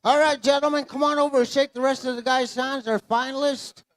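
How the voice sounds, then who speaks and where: A man's voice: very high-pitched, steady tone, brisk. A man emceeing a pow wow, announcing live to dancers and crowd in an easygoing, joking way. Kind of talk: live event announcing over a PA. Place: outdoor pow wow arena.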